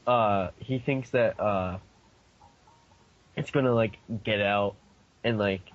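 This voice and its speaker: A young man chatting on a podcast, halting and full of fillers as he works out his thoughts. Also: on the low side, highs cut off. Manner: halting, lots of fillers and likes. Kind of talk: casual chat.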